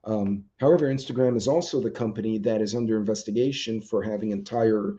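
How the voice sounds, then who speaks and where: A man's voice: on the low side, brisk, mellow. Man rambling on a lo-fi live stream. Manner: rambling, chatty, with frequent ums. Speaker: livestream host. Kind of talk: casual live chat reacting to viewer comments. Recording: dull lo-fi stream audio.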